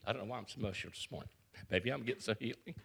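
A middle-aged pastor preaches a personal, emotional sermon, speaking openly and confessionally to his congregation before building up to loud preaching. His low voice is creaky with a breathy edge, and he talks rapid-fire.

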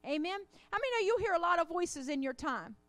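A woman's voice: very high voice, big pitch swings, fast talker, fairly bright tone, dry recording. A woman preacher delivering a sermon with call-and-response, often calling out amen and hallelujah. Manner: call-and-response, rising fervor.

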